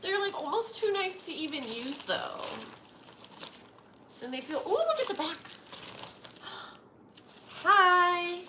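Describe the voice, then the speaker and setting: In a late-night home live stream, a young woman unboxes things and gushes to her audience, gasping with delight. Her high voice is very animated, at normal speed with frequent pauses, and the room sound is noticeable on the noisy audio.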